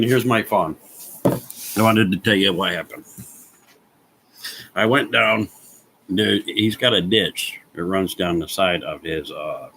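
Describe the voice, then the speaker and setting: Casual vlogger, male, very low voice with a bright edge, laughs and swears a lot. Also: slight background noise, poor audio. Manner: chuckles often, swears freely, self-mocking. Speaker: vlogger chatting with live viewers. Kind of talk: casual chat, rambling storytelling.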